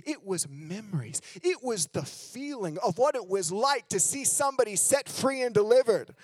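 A man preaching a sermon in a church, telling candid, self-mocking stories and swinging between loud emphasis and low, hushed lines. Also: expressive, normal speed, no echo. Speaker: guest preacher. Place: church sanctuary.

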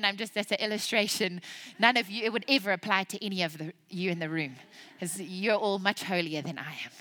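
A woman preaching a sermon to a congregation in an emphatic, animated storytelling manner. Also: mid-range voice, fairly quick.

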